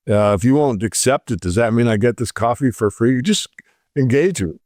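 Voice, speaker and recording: A man's voice: medium pitch, animated, brisk, a little mellow, no echo, studio quality. A man, an interview guest, telling an everyday story in casual talk, acting out both sides of the conversation.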